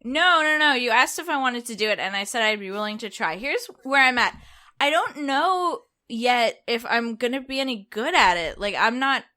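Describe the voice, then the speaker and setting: A woman with a bright, sharp-edged voice talks on a casual podcast. She is anxious and self-doubting as she explains herself, and quick to tease the others. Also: on the high side, lively intonation. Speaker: podcast co-host. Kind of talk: casual chat.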